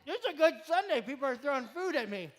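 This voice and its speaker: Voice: high voice, very animated, fast. Chatty youth group leader joking with kids. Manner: chatty, rambling, joking, talks while chewing. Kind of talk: casual live-stream announcements to a youth group. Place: church youth room with students present.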